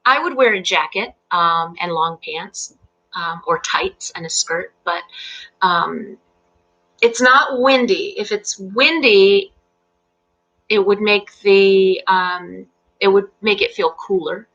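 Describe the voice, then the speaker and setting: A middle-aged woman teaching English on a live stream, explaining patiently and clearly with fillers and easy laughs. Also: mid-range voice, slow, a bit bright, dull audio. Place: home in Central Virginia.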